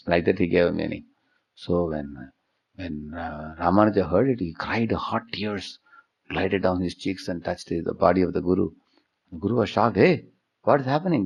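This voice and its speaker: A man's voice: sits low, creaky, a little mellow, husky. A man giving a devotional lecture as a spiritual teacher. He tells stories and keeps checking in with the listeners through tag questions. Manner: storytelling, with frequent tag questions. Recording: dull lo-fi sound.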